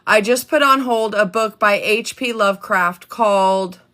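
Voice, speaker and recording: A woman hosting a casual livestream, reading letters aloud in a chatty, halting way with many ums and restarts. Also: mid-range voice, pushed and bright. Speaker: livestream host reading documents.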